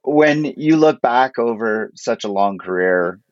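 A man's voice: mid-range voice, expressive, unhurried, no echo, highs cut off. A male interviewer asking long, rambling questions.

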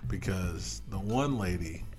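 A man's voice: deep voice, takes it slowly, over music. A man co-hosting a casual film review podcast, telling stories animatedly and laughing as he goes. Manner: animated storyteller, acts out scenes and laughs. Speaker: podcast co-host.

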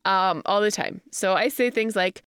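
Young mom podcaster, rambly and giggly, mid-pitched, dry close sound. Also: female voice, moderate pace, a bit bright, clear, resonant tone, no echo. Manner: rambling, laughs often. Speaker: podcast co-host. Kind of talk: casual chat.

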